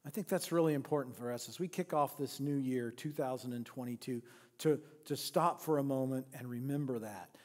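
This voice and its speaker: A man's voice: medium pitch, fairly quick, a little mellow, in a large hall. A pastor preaching a sermon in a church. He retells a parable, poses rhetorical questions and often restarts his sentences. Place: church sanctuary.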